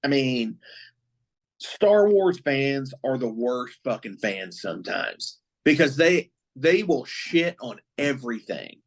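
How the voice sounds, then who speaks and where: A man co-hosting a podcast, chatting casually with a profane, excitable fan's rambling. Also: medium pitch, takes it slowly. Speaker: podcast co-host. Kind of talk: casual chat.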